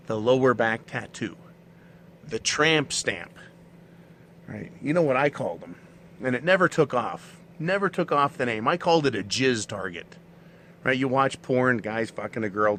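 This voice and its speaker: A man's voice: medium pitch, a bit bright, slight background noise. A middle-aged man talking in a casual monologue, blunt and profane, ranting with mocking asides. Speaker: channel host.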